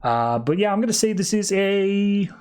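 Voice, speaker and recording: A podcast host with a high, animated, slightly mellow voice and clean tone recaps a comic book issue. He's loose and chatty, talking in quick bursts full of fillers.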